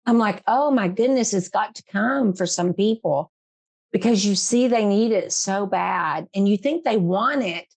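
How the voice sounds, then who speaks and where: A woman's voice: mid-range voice, measured pace, vocal fry, darkish tone. A middle-aged woman hosting her own podcast, talking earnestly and emphatically, repeating herself for stress and often laughing. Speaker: podcast host. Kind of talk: emotional interview chat.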